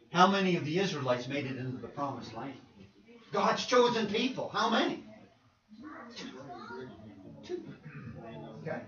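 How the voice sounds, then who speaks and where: A man's voice: mid-range voice, fairly bright tone. A man preaching in a conversational Bible class, asking the group questions and laughing often. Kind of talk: interactive Bible class teaching. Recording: roomy, distant, muffled room recording.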